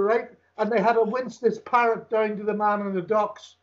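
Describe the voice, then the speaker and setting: An older Irish man spins anecdotes in a relaxed, chuckling manner. His voice sits high for a man, and the sound is slightly dull and lo-fi. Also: moderate pace. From Ireland. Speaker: podcast guest. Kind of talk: casual storytelling chat.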